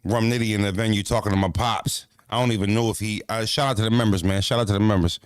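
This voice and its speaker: A man's voice: on the low side, steady tone, quick pace, clear, resonant tone, no room sound. Give me a man talking on the move, profane and rambling, dry close sound. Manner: profane, rambling storyteller who shouts out viewers. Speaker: battle rapper vlogging. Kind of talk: casual walking vlog chat. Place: outdoors, walking.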